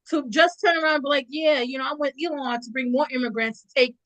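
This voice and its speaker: A woman's voice: sits high, fairly even intonation, quick pace, a bit bright, rough recording. A woman hosting a podcast, giving blunt, outspoken takes in casual chat. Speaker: podcast host.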